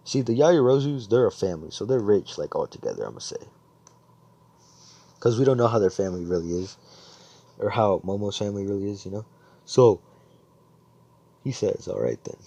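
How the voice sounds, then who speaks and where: A man's voice: fairly low pitch, dark tone. A man improvising a fan fiction story aloud, rambling, swearing and correcting himself as he goes.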